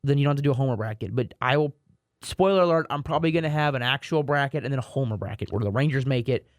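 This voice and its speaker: A man's voice: medium pitch, rapid-fire, no room sound, studio quality. A man co-hosting a sports podcast in casual chat, rambling and repeating words, with self-mocking asides. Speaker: podcast co-host.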